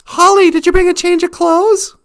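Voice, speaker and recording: An easygoing father rounding up his kids for a river trip, upbeat and fatherly, as a woman storyteller puts him on. Nothing too exaggerated, a relaxed everyday dad voice. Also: extremely high pitch, moderate pace. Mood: cheerful.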